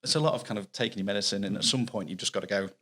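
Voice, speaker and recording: Rapid-fire and fairly low-pitched, this middle-aged Mancunian guest author has a fairly bright tone with a breathy edge. In a relaxed podcast interview he chats earnestly, giving long explanations full of restarts.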